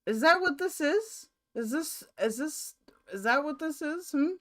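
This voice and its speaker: A woman's voice: sits high, lively intonation, a little slow, fairly bright tone. A woman hosting a reaction video, rambling and exclaiming in bemused commentary.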